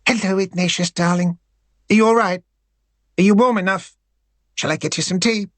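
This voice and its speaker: A man's voice: high voice, steady tone, fairly bright tone, no room sound, voice pushed up. A man voicing a blunt young woman reporter. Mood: doting. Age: young adult. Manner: brisk, snappish, fussing over the dog.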